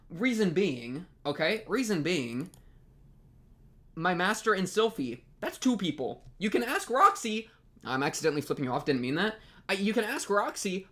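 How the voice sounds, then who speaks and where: A young man hosting an anime reaction video, ranting in an exasperated, rambling way, with many restarts and sudden leaps up in pitch. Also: pushed and bright. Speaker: anime reaction channel host. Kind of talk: animated reaction commentary.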